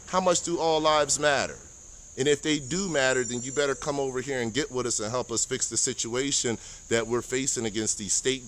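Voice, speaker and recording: A man's voice: mid-range voice, a bit bright. Earnest American army veteran man. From United States. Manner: earnest, preaching, repeats himself, stumbles on words; standing while talking. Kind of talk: impassioned personal monologue to camera.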